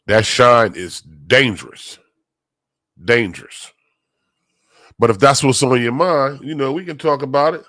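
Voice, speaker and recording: A man's voice: mid-range voice, dry recording. A man hosting a live stream while feeling sick, chatting casually with viewers in loose slang and greeting them by name. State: sick, under the weather.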